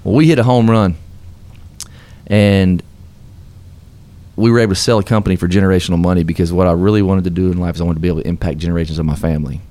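A dark-toned man's voice, sitting low and steady, delivers a fast motivational story. He's a guest in a radio interview, recounting his success with earnest, upbeat, preacher-like emphasis.

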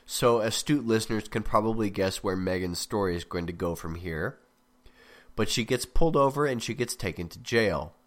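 A man's voice: lowish voice, moderate pace. A man hosting a podcast, rambling through a casual critique of a story with wry asides, his voice sounding a little sick. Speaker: podcast host critiquing fiction.

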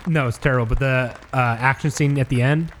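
A man's voice: mid-range voice, fairly even intonation, a little fast, a faint crowd, slight background noise. A man co-hosting a podcast, chatting casually with blunt, profane jokes. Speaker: podcast co-host. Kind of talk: casual chat.

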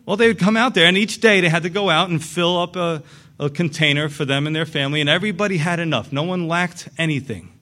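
A man preaching a sermon, animated, acting out the voices in the story with big swings in pitch. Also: quick pace. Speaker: pastor.

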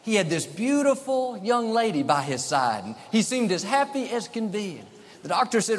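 A man's voice: high voice, big pitch swings, normal speed, big-room sound. A male pastor giving a televised sermon, upbeat and emphatic, with joking asides.

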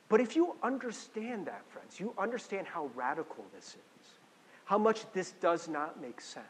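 Male pastor, conversational sermon, high voice, long church-hall reverb. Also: moderate pace, slightly rough. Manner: conversational, animated, many restarts and fillers.

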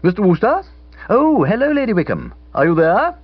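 A hoarse, throaty aristocratic widow in hysterics, as a male narrator puts her on, her voice climbing high and dragging out each tearful word. The slightly husky tone comes through a dull, lo-fi recording. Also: sing-song, takes it slowly, dry recording, full character voice. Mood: distraught.

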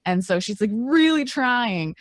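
A woman's voice: a little high, animated, unhurried, no echo, clean studio sound. A woman playing in a tabletop game, describing her character in a chatty, filler-heavy way. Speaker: player. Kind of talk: casual tabletop game chat.

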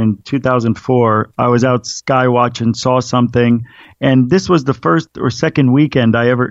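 A man's voice: medium pitch, gravelly, no room sound, muffled recording. A man who hosts a paranormal radio show, chatting as an interview guest and telling rambling stories with lots of fillers. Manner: rambling storyteller with frequent fillers. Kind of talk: casual interview chat.

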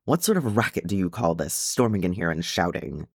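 A proud older dwarf woman, disdainful and scolding, as a man reading the story puts her on. Lively pitch, close dry sound. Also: a little fast, husky, no echo, exaggerated voice.

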